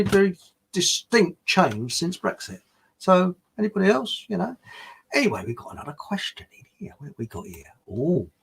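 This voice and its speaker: A man's voice: a little high, fairly bright tone, slightly rough. A man hosting a live stream, chatting casually and rambling as he answers viewers, chuckling often.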